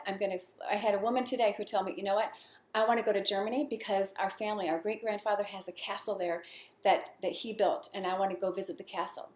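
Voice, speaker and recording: A woman coaching salespeople in a lively, chatty way, full of questions and small stories. She speaks at a middle pitch, and the room around her is echoey. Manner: lively, storytelling, asks many questions. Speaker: network marketing coach. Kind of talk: casual motivational talk to camera.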